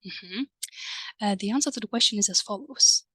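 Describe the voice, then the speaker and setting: A woman teaching a recorded online language lesson, patient and explanatory, checking in with her viewers through little prompts and soft hums of agreement. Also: medium pitch, normal speed, breathy edge, dry recording.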